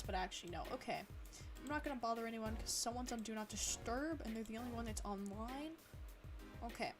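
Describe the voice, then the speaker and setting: Excitable woman gamer with game music. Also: fairly high pitch. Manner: excitable, exclaiming, giggly. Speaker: let's play gamer. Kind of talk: excited gameplay commentary.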